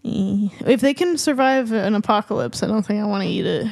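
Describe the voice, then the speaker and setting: A woman's voice: mid-range voice, gravelly, darkish tone, no echo. A woman co-hosting a podcast, chatting casually and laughing often. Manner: giggly, quick, chatty. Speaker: podcast co-host. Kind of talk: casual chat.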